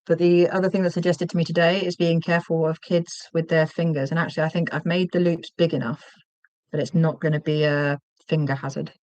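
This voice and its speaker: A woman hosting a casual livestream while she crochets. She chats, gets sidetracked, and counts her stitches out loud. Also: deep voice, level tone, a little fast, no echo. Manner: chatty and easily sidetracked, counts stitches aloud. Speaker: livestream host.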